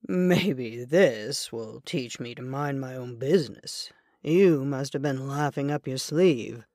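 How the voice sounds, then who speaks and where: A woman reading an audiobook, voicing a steady cowboy gunfighter who speaks low, calm and measured, with a quiet edge. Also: no echo, studio quality. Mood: dry. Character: cool, steady cowboy gunfighter, adult man. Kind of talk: audiobook character voice.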